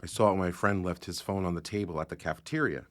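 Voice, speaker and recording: A man's voice: deep voice, fast, fairly bright tone. A man performing a young man shaken after being outed, in a tense spoken-word delivery. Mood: anguished.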